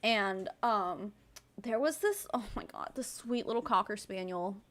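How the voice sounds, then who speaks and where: A woman host giving casual commentary and telling stories, sarcastic and animated, swearing freely. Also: medium pitch, unhurried.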